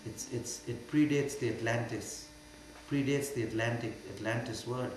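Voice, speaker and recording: An older man with an Indian accent gives a spiritual Q&A talk, emphatic and often mocking. His voice sits at a middle pitch. It rings through a very echoey hall over a faint mains hum. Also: fairly even intonation, normal speed. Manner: emphatic, swings from quiet to loud and mocking. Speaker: spiritual teacher.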